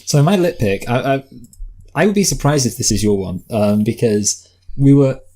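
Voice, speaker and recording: A man's voice: mid-range voice, lively intonation, normal speed, dark tone. A man co-hosting a podcast movie review, talking in a rambling, jokey way that trails off and restarts. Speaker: podcast co-host. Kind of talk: casual chat.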